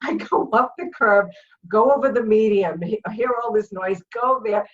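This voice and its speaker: A middle-aged woman from Rhode Island, a comedian guest telling lively stories with frequent laughter in a casual chat. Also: medium pitch, moderate pace, far from the mic, lo-fi sound.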